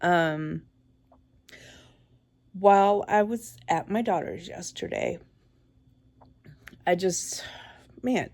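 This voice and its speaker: A woman in her forties giving a tearful, halting vlog, crying as she talks. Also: lowish voice, darkish tone. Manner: tearful, halting, with many pauses and restarts. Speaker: vlogger. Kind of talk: emotional personal vlog.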